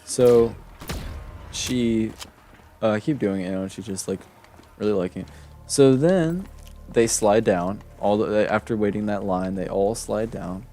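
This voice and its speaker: A man's voice: lowish voice, expressive, a little slow, pauses often, dark tone, faint music behind. A young man streaming a game, telling a long personal story in a casual, rambling way with many fillers and restarts. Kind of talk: casual storytelling while gaming.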